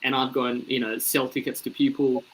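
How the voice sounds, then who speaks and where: In a casual interview, a young Australian comedian tells a story at a brisk clip in a medium-pitched voice. He animatedly performs the voices of those he quotes, though the recording quality is low.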